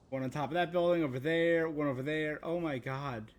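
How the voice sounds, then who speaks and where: A man's voice: a little high, brisk, hardly any pauses. A man live-streaming a video game, reading the on-screen text aloud with stumbles and laughter.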